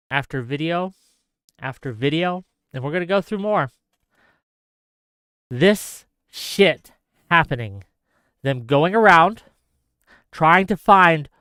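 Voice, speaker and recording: A man reacting to video clips as an online commentator, upset, emphatic and halting, often repeating himself. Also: fairly high pitch, lively intonation, a bit bright, clean tone, no room sound, studio quality.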